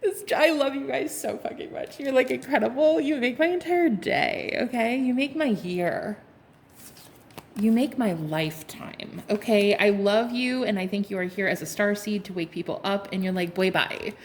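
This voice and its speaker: A woman's voice: medium pitch, normal speed, slight background noise. A woman giving a casual tarot reading to her viewers, sassy and playful, laughing often, swearing and calling them honey. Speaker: tarot card reader.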